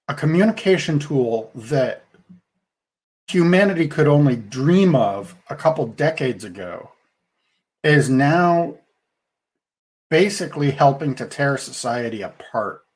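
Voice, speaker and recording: Slow, musing podcast man. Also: mid-range voice, big pitch swings. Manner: thoughtful, rambling with restarts. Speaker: podcast co-host. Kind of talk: casual podcast discussion.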